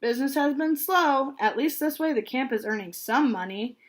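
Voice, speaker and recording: A woman doing a loud, sinister camp owner man, booming, storybook. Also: lively intonation, normal speed. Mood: gruff.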